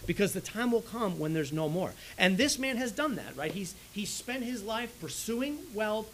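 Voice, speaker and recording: A man preaching a sermon in an animated way, swinging between loud and soft, often checking in with "right?". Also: sits high, normal speed, a little hiss or hum, low-quality recording. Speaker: pastor.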